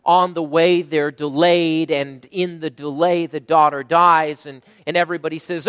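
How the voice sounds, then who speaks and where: A man preaching a sermon, emphatic, rising to loud bursts when he quotes. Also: fairly high pitch, measured pace, clean tone, no room sound, long reverb tail. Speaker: pastor.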